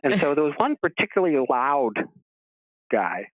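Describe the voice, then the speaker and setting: A man's voice: fairly high pitch, moderate pace, no room sound. A man being interviewed as a guest, telling stories casually and acting out the dialogue in a raised voice. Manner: animated storyteller who acts out quoted dialogue in a raised voice. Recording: tinny phone line.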